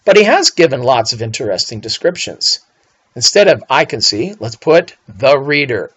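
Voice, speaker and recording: A man's voice: mid-range voice, big pitch swings, moderate pace, a bit bright, breathy edge. A male English teacher giving a recorded writing lesson, playful, with theatrical asides and mock outrage. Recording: dull lo-fi voice recording.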